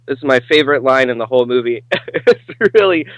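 A man's voice: mid-range voice, lively intonation, brisk, dry recording, highs cut off. A young man chats about films on a podcast with friends. He rambles, swears casually and laughs easily. His voice sits close and dry. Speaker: podcast co-host. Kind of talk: casual movie discussion.

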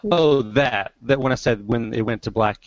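A man chatting casually about movies, relaxed and filling his talk with "like". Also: medium pitch, normal speed, no room sound, dull audio. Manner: relaxed, says "like" a lot.

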